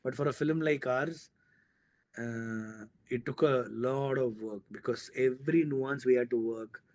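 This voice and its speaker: A man's voice: medium pitch, measured pace, darkish tone. A man, telling a story as a guest in a casual interview and acting out the dialogue he quotes. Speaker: filmmaker guest.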